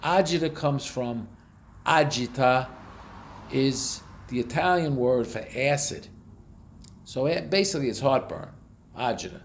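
Speaking near a street, a vlogger with a heavy North Jersey accent tells blunt, matter-of-fact stories in a casual monologue. His mid-range voice moves at a moderate pace.

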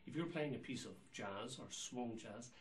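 A man's voice: medium pitch, lively intonation, normal speed, low-quality recording. Man counting and scatting jazz rhythms. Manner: counts beats and scats rhythms aloud. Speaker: drum teacher. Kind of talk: instructional explanation.

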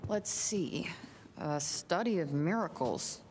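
A blunt, irreverent young heroine tosses off dry remarks in a fantasy game. Her voice sits slightly low. Faint ambient sound hums underneath. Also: expressive, takes it slowly, darkish tone, slight background noise. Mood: wry. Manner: blunt, offhand.

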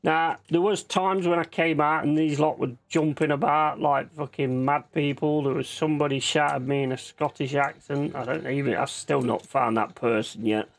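A man's voice: a little high, fairly even intonation, moderate pace, gravelly, hardly any pauses. A man hosting his own gaming channel, chatting casually and swearing freely as he plays. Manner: chatty, sweary, laughs easily. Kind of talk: casual gameplay commentary.

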